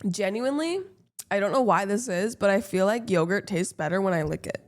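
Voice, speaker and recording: A woman's voice: medium pitch, animated, a little fast. A woman streamer chatting casually with her viewers, blunt and playful, swearing freely.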